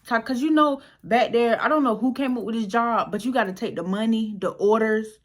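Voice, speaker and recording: A young woman vlogger telling a casual storytime tale, animated and slangy, acting out the people in it. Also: a little high, fairly quick. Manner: animated, slangy, acts out voices.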